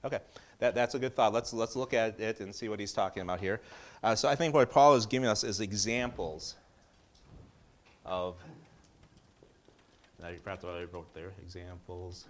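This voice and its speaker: A man's voice: lowish voice, steady tone, normal speed, long pauses, a little hiss or hum. A middle-aged man giving a casual Bible teaching in a conversational way, with joking asides and frequent restarts.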